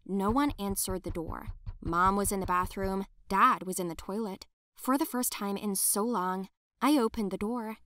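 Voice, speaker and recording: A woman narrating a first-person animated story in an emotional, dramatic way. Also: mid-range voice, no room sound, clean studio sound.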